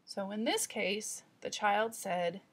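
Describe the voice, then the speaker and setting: In an instructional voice-over, a woman with a husky, medium-pitched voice teaches trainees, explaining things deliberately and addressing the viewer directly.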